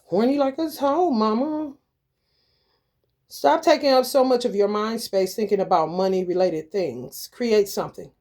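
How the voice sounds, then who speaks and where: A woman's voice: medium pitch, measured pace, darkish tone. A woman tarot reader giving casual advice in a blunt, rambling, profane way, calling her listeners honey.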